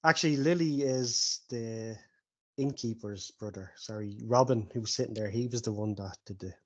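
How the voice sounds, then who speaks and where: A man's voice: on the low side, moderate pace, muffled recording. A man running a tabletop role-playing game as game master, describing the scene in an easygoing way with frequent chuckles.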